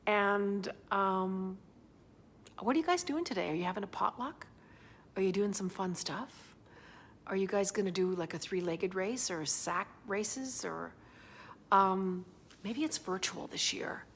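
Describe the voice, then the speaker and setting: A woman's voice: mid-range voice, a little slow, fairly bright tone, a little hiss or hum. A woman from Alberta sends a casual video greeting in a mid-range voice. She talks in an upbeat, rambling way. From Alberta, Canada.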